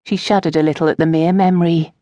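A woman reading a historical romance audiobook in a measured storytelling manner. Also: fairly low pitch, steady tone, dark tone, dry recording, muffled recording. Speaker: audiobook narrator. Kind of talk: scripted narration.

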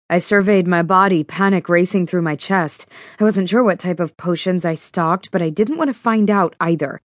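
A woman narrating a first-person audiobook in a steady, even storytelling manner. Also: lowish voice, moderate pace, few pauses, dry recording, clean studio sound.

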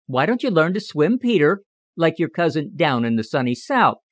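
A man voicing a sharp-tongued, scolding little female wren in an audiobook, with a brisk, teasing, lecturing manner. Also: on the high side, sing-song, dry recording. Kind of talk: audiobook character reading.

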